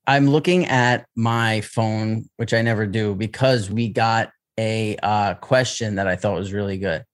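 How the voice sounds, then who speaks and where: A man's voice: on the low side, fairly even intonation, unhurried. Chatty man reading listener questions. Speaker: podcast co-host. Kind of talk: casual chat.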